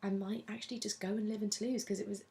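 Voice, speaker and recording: A woman in her twenties from England, talking candidly in a casual interview, chatty and quick to laugh. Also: medium pitch, level tone, dark tone. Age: 20s.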